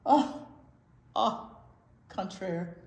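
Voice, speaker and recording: A theatrical snail who fancies himself irresistible, tossing out French flourishes, put on by a woman reading a storybook to children. His voice leaps around with lively pitch and takes its time. The room rings around him. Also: drawn-out words. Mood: proudly defiant. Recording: echoey room.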